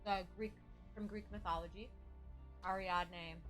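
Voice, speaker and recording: A woman's voice: mid-range voice, fairly even intonation, a little slow, a bit bright. Woman, co-streamer, chatty, faint music underneath. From US Midwest. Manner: chatty, explains with fillers. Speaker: stream co-host. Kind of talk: casual reaction chat.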